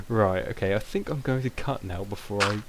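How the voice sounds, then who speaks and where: A man's voice: fairly low pitch, expressive, a little slow. A young British man giving rambling, self-mocking casual gameplay commentary, with many ums. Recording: noisy home recording.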